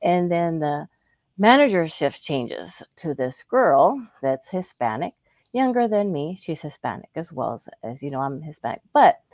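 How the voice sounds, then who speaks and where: Low-voiced woman telling a candid story. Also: unhurried, no room sound. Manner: chatty and animated, acting out what others said. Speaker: co-host.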